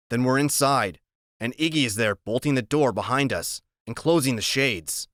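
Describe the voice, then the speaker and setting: A man reading a first-person story aloud as an audiobook narrator, steady and plain. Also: mid-range voice, moderate pace, no echo, clean studio sound.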